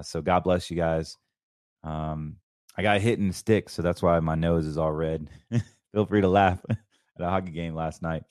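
A man's voice: very deep voice, a little mellow, no room sound, studio quality. A man hosting his own show, talking about markets and faith in a fervent, preachy, rambling way with many restarts. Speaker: show host. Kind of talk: casual financial commentary.

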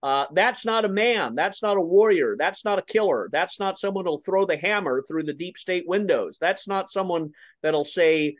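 A man giving forceful, opinionated political commentary, often repeating words and swinging from low mutters to emphatic punches. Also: moderate pace, hardly any pauses, dry recording, highs cut off.

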